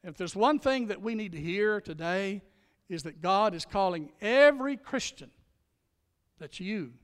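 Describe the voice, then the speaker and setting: A male pastor delivering a sermon with emphatic preaching, slowing down and speeding up to stress his points. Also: high voice, lively intonation, long reverb tail.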